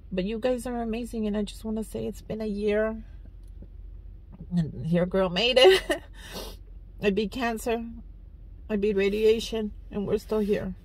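Woman vlogger, casual, heartfelt and rambling, mid pitch. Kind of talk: casual chat to viewers. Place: on her way to work.

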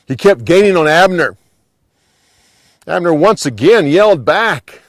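Male Bible storyteller, slow and animated, fairly high voice, dry close sound. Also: no echo. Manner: animated, dropping to hushed endings.

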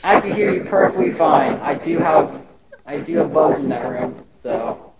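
Guy doing a teasing nosy dude, bit high voice, echoey room with loud chatter behind. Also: expressive, normal speed. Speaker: roleplay player. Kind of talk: casual Minecraft roleplay.

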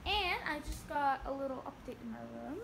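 A woman's voice: sits high, animated, a little fast, background noise. A woman giving a rambling, giggly home-tour vlog, recorded on her phone indoors. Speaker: vlogger.

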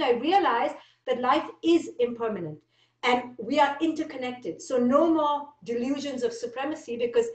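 A woman's voice: sits high, recorded from a distance. A woman giving a spiritual motivational talk, driving her points home with short, repeated declarations. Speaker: speaker. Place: speaking virtually. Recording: echoey room, voice off-mic.

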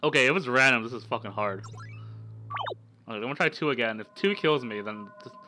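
A man with a cold, casually commenting on a game he plays, swearing and breaking into loud frustrated outbursts. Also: medium pitch, lively intonation, a little fast, music in the background. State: sick with a cold, coughing. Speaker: gaming streamer. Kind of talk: casual let's-play commentary.

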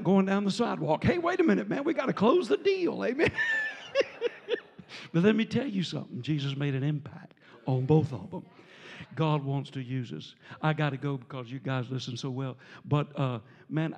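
Lively gravelly preacher in a reverberant sanctuary. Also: male voice, medium pitch, lo-fi sound. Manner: animated, jovial, breaks into laughter and shouts. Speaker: visiting preacher. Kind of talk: storytelling sermon.

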